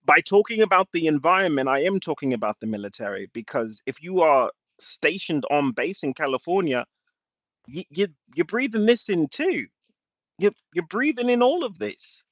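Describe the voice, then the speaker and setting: This livestreamer has a fairly high-pitched voice and swears frequently as he responds to chat in an emotional, rambling rant. There's no room sound, and the recording comes across dull, dry, and lo-fi.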